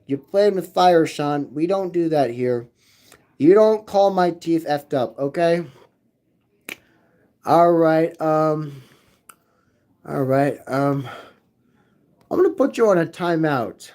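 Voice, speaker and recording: A man's voice: a little high, expressive, slow, long pauses, a little mellow. A man hosting a livestream, rambling to his chat, repeating phrases again and again in a sing-song way. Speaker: livestream host reading chat. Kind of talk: rambling live chat with viewers.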